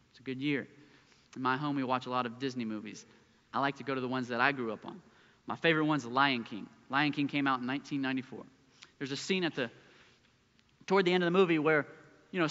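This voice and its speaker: A man preaching a sermon as pastor, earnest, swinging between loud emphasis and hushed lines. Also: a little high. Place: church sanctuary. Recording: muffled church recording with long hall reverb.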